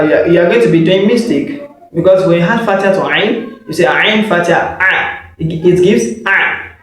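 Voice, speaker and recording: Man teaching in a very echoey room. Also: high-pitched. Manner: patient, repeats words and asks the listener questions. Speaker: Arabic letters teacher. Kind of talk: online lesson to camera. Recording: very echoey room with faint noise.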